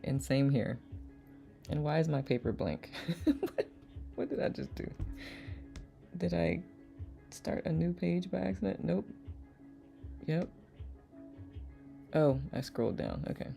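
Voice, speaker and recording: A woman's voice: deep voice, lively intonation, slow pace, gravelly, pauses often, warm tone, soft background music. A woman hosting a live online chat, reading viewers' messages aloud and laughing often. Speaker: host.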